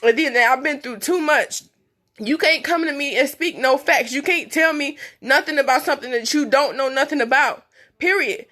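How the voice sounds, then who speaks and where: Tearful young woman with a bright, high voice. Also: fairly quick. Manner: blunt, emphatic, repetitive, speaking through tears. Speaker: mother speaking on a livestream. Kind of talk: emotional personal livestream monologue. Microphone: phone.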